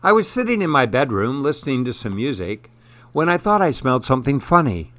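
Storybook narrator, man, steady reading, mid pitch, dry close sound. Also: brisk, no room sound.

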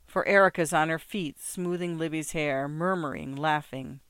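A man narrating an audiobook in a measured, wry storytelling manner. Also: fairly high pitch, steady tone, a bit bright, smooth, no echo. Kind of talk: scripted narration.

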